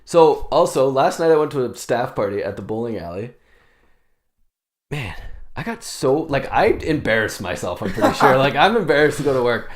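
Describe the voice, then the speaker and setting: A man's voice: medium pitch, sing-song, moderate pace. A young man co-hosting a casual podcast, telling stories with lots of swearing and laughter and acting out what people said. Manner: swearing, laughing, acts out quotes loudly. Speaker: podcast co-host. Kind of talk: casual chat, storytelling. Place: sauna.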